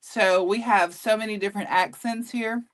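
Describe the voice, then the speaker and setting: A woman with a New York accent touched by a light Southern twang talks casually about her work. She is chatty and doubles back on her words as she goes. Her pitch sits mid-range. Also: fairly even intonation, moderate pace. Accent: New York with a slight Southern twang. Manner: chatty, restarts often. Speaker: guest actress and comedian. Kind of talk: casual interview chat.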